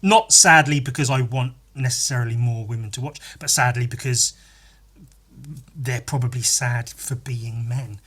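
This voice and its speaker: A man's voice: mid-range voice, normal speed, fairly bright tone, husky. A man hosting a podcast, rambling through a crude, mock-earnest comedy monologue with giggly asides. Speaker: podcast host.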